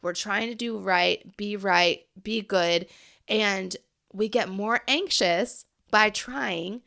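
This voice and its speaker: A woman's voice: mid-range voice, takes it slowly, creaky, bright, forceful tone. Earnest woman hosting a podcast. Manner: earnest, encouraging, addresses listeners directly. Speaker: podcast host. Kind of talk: heartfelt solo podcast talk.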